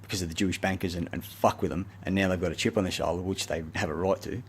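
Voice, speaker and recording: A man's voice: low voice, steady tone, fast, a little hiss or hum. An Australian man delivering a rambling, agitated, swear-laden monologue to the camera. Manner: profane, agitated, rambling ranting. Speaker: self-recorded speaker.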